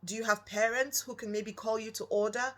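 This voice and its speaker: A woman's voice: fairly high pitch, steady tone, brisk. A woman from Nigeria, giving an earnest, reflective personal talk and putting questions straight to the listener. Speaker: speaker.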